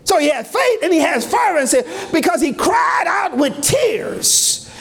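A man preaching a fervent sermon in a church, shouting and chanting with rising cries. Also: very high-pitched, big pitch swings, measured pace.

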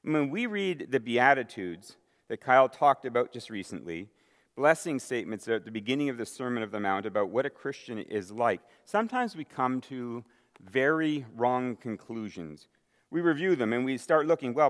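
A male pastor delivers his sermon with mounting emphasis, slowing and raising his voice on key lines before dropping back to a conversational tone. His voice sits at an ordinary middle pitch. The sound rings with the long reverb of a large hall. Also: animated. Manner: emphatic preaching with dramatic pauses and rising volume.

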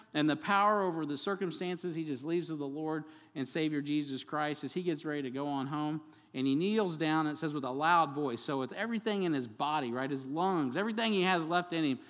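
A man preaching a sermon as pastor, animated and conversational, acting out quotes and adding asides to the congregation. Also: on the high side, long reverb tail. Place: church sanctuary.

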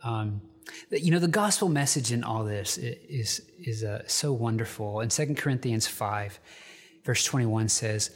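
Male pastor, casual storytelling sermon from home, mid-pitched, long reverb. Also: normal speed. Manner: conversational, storytelling with many fillers and restarts. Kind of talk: informal sermon.

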